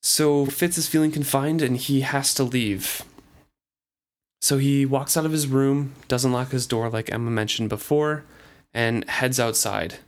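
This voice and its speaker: A man co-hosting a casual book discussion. He recaps the plot and reads long passages aloud. His delivery stays relaxed and conversational. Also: medium pitch, measured pace. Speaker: book podcast co-host.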